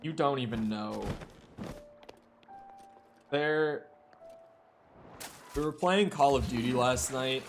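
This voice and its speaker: A man's voice: medium pitch, slow pace, long pauses, soft background music. A man streaming a game, chatting casually with viewers, rambling and joking with frequent laughs. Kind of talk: casual chat with viewers while gaming. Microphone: headset or desk mic, wears headphones.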